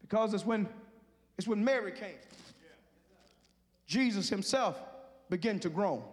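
A man a sermon in a church, building from quiet storytelling into a chanted whoop punctuated by huffed breaths. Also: sits high, expressive, measured pace. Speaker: preacher. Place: church sanctuary. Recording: music behind, long hall reverb.

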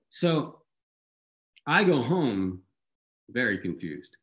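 A man telling a personal story in a conversational, animated and wry way. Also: medium pitch, slow.

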